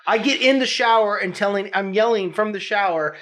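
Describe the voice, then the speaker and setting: A man with a notably high speaking voice, co-hosting a casual podcast. He tells his stories with animation and keeps laughing through them. His talk is loose and conversational. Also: a little fast, fairly bright tone. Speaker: podcast co-host. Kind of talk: casual chat.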